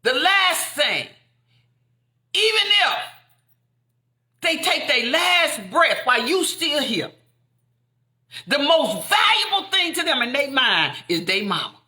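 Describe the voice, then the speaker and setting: A woman preaching fervently, repeating lines and building up to shouts. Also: high voice, sing-song, slow, long pauses, roomy sound. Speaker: inspirational speaker. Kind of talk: impassioned preaching.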